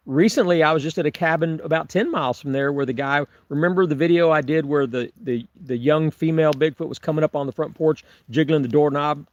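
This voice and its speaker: A man's voice: fairly high pitch, muffled recording. A man doing a casual livestream from a remote forest campsite, answering viewer comments in a rambling way with chuckles and restarts. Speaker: Bigfoot researcher vlogger. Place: camping on remote forested property.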